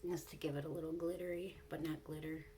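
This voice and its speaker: A woman's voice: low voice, level tone, fast talker, warm tone, slight background noise. A young woman beauty vlogger telling a story in casual chat, laughing often and swearing bluntly while she does her makeup.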